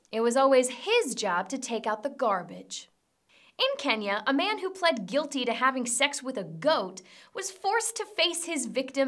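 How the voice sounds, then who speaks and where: Lively-voiced woman hosting dry comedy news. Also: high-pitched. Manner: dry, sarcastic delivery with blunt jokes. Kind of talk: deadpan comedic news roundup.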